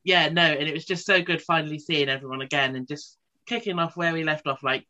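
A woman chatting on a podcast, animated and quick to laugh as she tells a story. Her talk is loose and full of swearing and asides. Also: deep voice, lo-fi sound. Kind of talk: casual chat.

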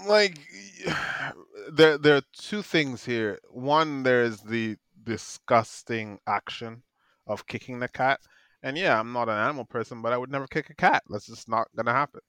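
A man's voice: medium pitch, unhurried, dry recording. Brief: male podcast co-host, casual and emphatic, laughs easily, dry close mic. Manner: animated, emphatic, laughs often. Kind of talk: casual football chat.

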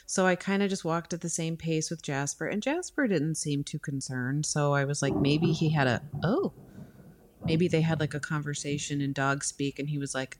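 Brief: woman in her 30s, casual podcast storyteller, lower voice, rambling. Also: normal speed. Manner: rambling, uses lots of "like". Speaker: podcast co-host. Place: home.

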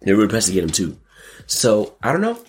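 A man hosting a casual commentary show, excitable and jokey, breaking into sudden squeals and exclamations. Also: on the low side, a little fast, breathy edge. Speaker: podcast host.

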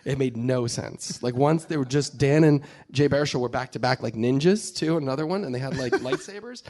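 Casting note: man in casual chat, lively storyteller, swears and laughs through his anecdotes. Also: mid-range voice, a little fast. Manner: animated, swearing, laughing while telling anecdotes. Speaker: film director.

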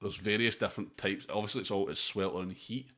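A man's voice: fairly low pitch, steady tone, quick pace, a bit bright. A man co-hosting a casual film podcast, rambling with many fillers. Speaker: podcast co-host. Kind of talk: casual chat about films.

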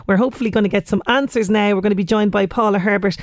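A woman's voice: medium pitch, rapid-fire, no room sound, studio quality. An Irish woman in her late thirties hosting a radio show, chatting casually and acting out little voices. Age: late 30s. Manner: chatty, animated, acts out voices. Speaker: radio presenter.

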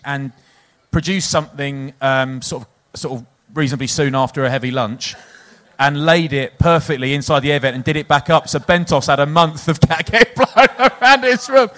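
A man co-hosting a loose, jokey conversation about team pranks. His voice sits a little above the usual pitch for a man, and he tells the stories with relish. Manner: lively storyteller, jokey. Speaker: podcast co-host, former rugby player. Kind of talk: casual chat.

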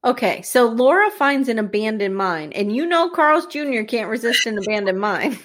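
A woman co-hosting a podcast, recapping a TV episode in casual chat, wry and animated, laughing often. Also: on the high side, moderate pace, a little hiss or hum. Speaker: podcast co-host.

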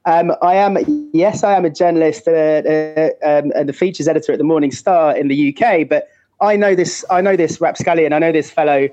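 A man's voice: on the high side, fairly even intonation, brisk, mellow, muffled recording, faint music behind. A man from the UK, a guest journalist, chatting and bantering in a jokey, colloquial way. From United Kingdom. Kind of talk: casual interview chat.

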